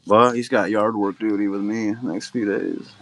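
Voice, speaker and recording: A man's voice: lowish voice, steady tone, moderate pace, a bit bright. Chatty middle-aged man humming fillers. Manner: rambling and chatty, hums filler sounds between remarks. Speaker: livestream card-break host. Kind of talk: casual live-stream chat.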